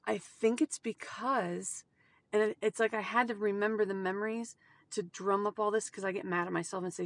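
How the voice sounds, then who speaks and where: A woman speaking in an emotional personal monologue as a mother, halting, with sudden outbursts and soft whispered asides. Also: mid-range voice, steady tone, dry recording. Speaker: mother sharing personal experience.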